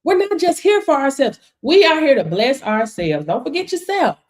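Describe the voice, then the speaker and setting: A middle-aged woman giving a motivational talk on a live stream, animated and preachy, laughing often and calling out "right?" and "hello?". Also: high-pitched, normal speed. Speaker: online business coach.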